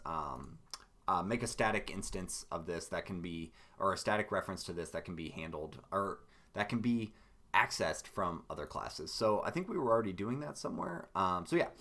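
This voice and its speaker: A man with a deepish, raspy voice walks through his code live, his pitch rising and falling a lot as he thinks aloud. He sounds hoarse and low on energy and keeps stopping on ums and half-finished phrases. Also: a bit bright, slight background noise. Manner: rambling, hesitant, many ums and restarts. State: hoarse with a cough, lower energy. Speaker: game dev streamer.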